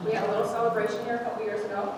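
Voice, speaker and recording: A woman in her forties shares a heartfelt, emotional testimony before a congregation, her voice a touch high. She laughs through tears as she speaks. The sound comes from a distance in a big, echoing church hall with noticeable background noise. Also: level tone, racing. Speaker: church member giving a testimony. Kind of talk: personal testimony at a church service. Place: church sanctuary. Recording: echoey church hall, distant mic, noisy.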